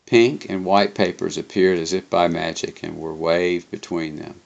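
A man reading a first-person travel memoir aloud, unhurried, with occasional slips and self-corrections. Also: low voice, fairly even intonation, vocal fry, lo-fi sound.

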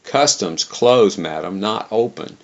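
A man voicing an excitable Turkish night watchman who insists loudly in clipped, broken phrases, on a dull lo-fi recording. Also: lowish voice, takes it slowly, creaky, heavily acted. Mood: insistent.

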